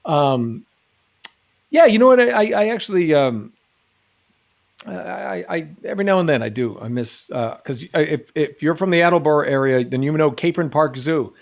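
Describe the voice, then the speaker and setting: A middle-aged man from New England hosts a live stream, reading out chat and riffing on it. His voice sits a little high, and he talks in a loose, jokey, meandering way. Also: animated, moderate pace, gravelly. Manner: jokey, rambling, reads chat aloud. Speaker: show host answering live chat.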